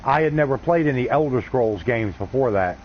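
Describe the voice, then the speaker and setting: A man's voice: mid-range voice, animated, fairly quick, slight background noise. Laid-back man streaming a game. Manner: rambling, laid-back, folksy. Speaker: gaming livestream host. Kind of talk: casual chat while streaming a game. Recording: slightly dull lo-fi stream audio.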